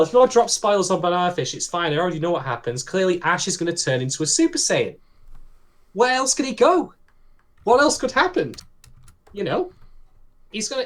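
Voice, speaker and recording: A man co-hosting a podcast, recapping anime episodes in a chatty, swearing style, often laughing as he talks. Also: sits high. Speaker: podcast co-host. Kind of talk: casual anime discussion.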